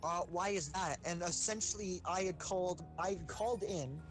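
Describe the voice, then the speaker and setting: A man's voice: high-pitched, normal speed, rough recording. A young man casually telling profane, rambling stories while playing a game, acting out the people in them. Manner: rambling, profane, animated, does silly voices in stories. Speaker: gaming streamer. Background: game music.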